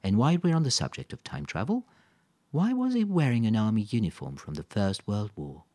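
A man's voice: lowish voice, huge pitch swings, fairly quick, mellow, pitched above the performer's own voice. A man reading aloud, voicing a friendly, curious young girl who speaks eagerly. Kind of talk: audiobook character voice.

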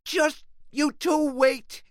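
A woman's voice: a little high, a little slow, fairly bright tone, no echo, clean studio sound. A whiny boy bully. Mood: furious. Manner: whining and sulky.

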